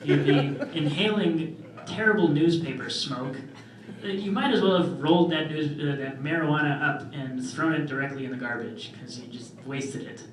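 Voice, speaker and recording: A young man doing a stand-up comedy set, deadpan and self-deprecating, with trailing fillers. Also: on the high side, normal speed, a little hiss or hum. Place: club stage in front of a live audience. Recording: roomy club audio from far off. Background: audience laughter.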